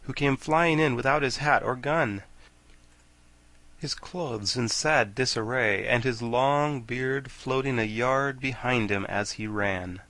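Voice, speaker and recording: A man narrating a children's classic for an audiobook in an expressive storytelling manner. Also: medium pitch, slow, no room sound. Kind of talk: scripted narration.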